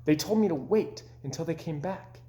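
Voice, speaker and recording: A man voicing a cheerful high-pitched frog. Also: expressive, normal speed, warm tone, close to an everyday voice. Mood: spooky storytelling. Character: cheerful optimistic storytelling frog, male. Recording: roomy echoing room.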